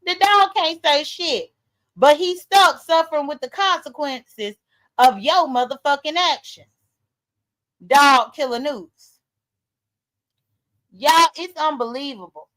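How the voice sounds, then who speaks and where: Woman livestream host, casual commentary, blunt and profane, slightly high voice. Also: slow pace, pauses often, fairly bright tone. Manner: talks straight to viewers as "y'all". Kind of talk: casual live-stream commentary.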